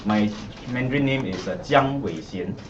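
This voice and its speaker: A man's voice: mid-range voice, normal speed, background noise. A man with a Singaporean accent, an election candidate speaking unprepared and hesitantly at a press conference. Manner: hesitant, stumbling. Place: party office. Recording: echoey, muffled, from a distant mic.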